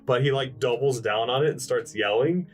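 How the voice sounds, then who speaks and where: Man, casual podcast chat, easygoing storyteller, chuckles often, mid-pitched voice, faint guitar music. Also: moderate pace, distant mic. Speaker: podcast co-host.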